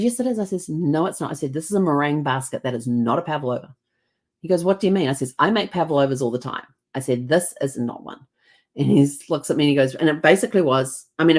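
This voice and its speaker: A woman's voice: deep voice, a little mellow. A woman with a New Zealand accent, telling stories in a casual, chatty way, often laughing and acting out what people said. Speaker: host. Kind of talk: casual storytelling.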